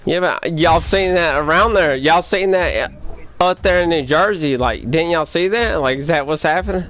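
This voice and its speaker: A man's voice: a little high, moderate pace, a bit bright. A young man, rambling and swearing as he talks straight to his live-stream chat during a game. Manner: rambling, profane, addresses chat directly.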